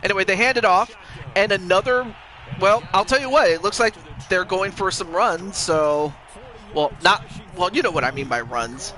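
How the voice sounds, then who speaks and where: High, bright-voiced man calling plays. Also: poor audio. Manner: excitable, rambling, quick exclamations. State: has the hiccups. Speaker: play-by-play commentator. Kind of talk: casual video game commentary.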